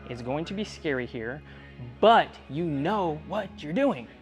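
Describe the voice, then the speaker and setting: A tumbling coach works one-on-one with a young athlete in a gym, talking directly and earnestly and often checking whether she believes him. His voice is fairly high, animated and unhurried, with faint music in the background.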